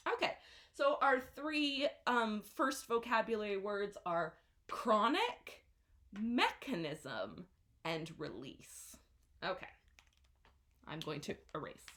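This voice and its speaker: A young adult woman teaching English vocabulary at a classroom whiteboard, explaining words slowly and modeling their pronunciation again and again. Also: fairly high pitch, expressive, fairly bright tone, slight background noise. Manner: slow, careful explanations with repeated modeled pronunciations. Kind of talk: vocabulary lesson.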